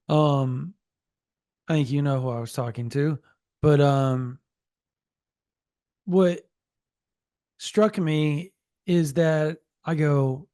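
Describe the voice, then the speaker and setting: A man co-hosting a sports podcast, telling a story in a casual, animated way and relaying a source's quotes. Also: fairly high pitch, creaky, no echo, studio quality. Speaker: podcast co-host.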